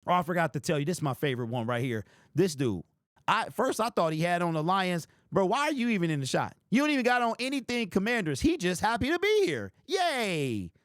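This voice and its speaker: A man's voice: high-pitched, very animated, fairly quick, dry recording, clean studio sound. A young man, hosting a fan channel, hyped and trash-talking as he comments on his team to camera. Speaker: sports fan channel host.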